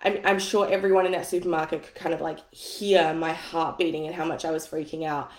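A woman's voice: low-pitched, flat delivery, a little fast, a little mellow. A woman, coaching on money mindset and telling a personal story in a candid, chatty way, swearing casually. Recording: echoey room.

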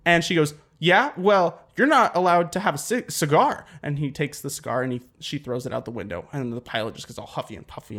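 A man's voice: medium pitch, vocal fry. A young man hosting a casual podcast, telling a long joke in a meandering way full of "like" and "um". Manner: meandering, full of "like" and "um", laughs at his own jokes. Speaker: podcast host.

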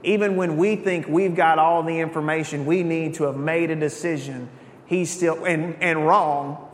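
A man's voice: steady tone, moderate pace. A man preaching a sermon in a conversational, storytelling way, with asides to the congregation. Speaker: pastor. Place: church sanctuary. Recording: echoey church hall, faint rumble.

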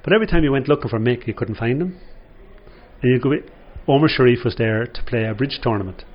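A man's voice: mid-range voice, fast, dull audio. An older Irish man, a former footballer, telling rambling anecdotes in an interview with lots of "you know". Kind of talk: storytelling interview.

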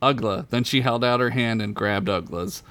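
A man's voice: medium pitch, moderate pace, fairly bright tone, dry recording. A man hosting a podcast, reading a crude comedic fantasy story aloud and laughing at his own jokes.

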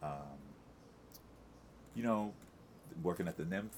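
A man in middle age with a very deep voice talks loosely and chattily, circling back on himself with fillers and restarts. A faint noise floor sits under the recording. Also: expressive, slow. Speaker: Broadway actor, guest. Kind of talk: casual interview chat.

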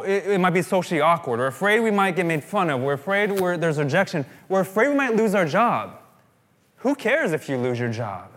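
A man's voice: on the high side, a bit bright. A male pastor giving a sermon in a conversational way, repeating phrases for emphasis.

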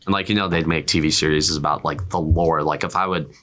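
Male podcast host, very low voice with a bright edge, loose and animated. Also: quick pace. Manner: rambling, animated, lots of fillers. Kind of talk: casual chat about movies and games.

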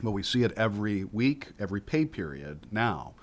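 A man's voice: fairly low pitch, sing-song, normal speed. A man hosting a political talk show, speaking emphatically and repeating phrases for weight. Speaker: podcast host.

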